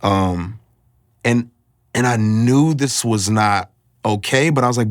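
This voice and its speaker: A man sharing a personal faith testimony, earnest and confessional, often pausing to find his words. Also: fairly low pitch, expressive.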